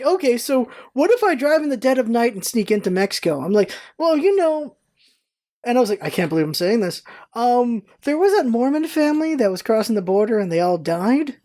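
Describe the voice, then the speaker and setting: High-voiced woman telling a lively story. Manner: animated, acts out quoted lines in a raised voice. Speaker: vlogger. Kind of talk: casual storytelling vlog.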